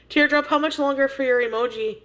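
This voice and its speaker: A woman chats with her stream viewers at an unhurried pace, laughing often and swearing freely. Her story is loose and rambling. The audio sounds a little dull and muffled. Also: high-pitched. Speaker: livestreamer. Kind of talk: casual chat to viewers.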